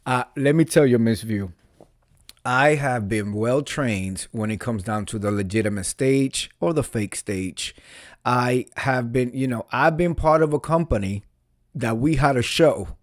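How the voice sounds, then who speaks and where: A man's voice: mid-range voice, unhurried, no echo, studio quality. A man from New City, chatting casually on a live stream and answering viewers. He talks in a theatrical way and repeats phrases for emphasis. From New York City.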